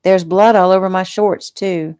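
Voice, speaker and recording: Sharp-tongued young woman, proud and prickly, as a woman reads her in a low voice. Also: steady tone, moderate pace, clean tone, lightly acted.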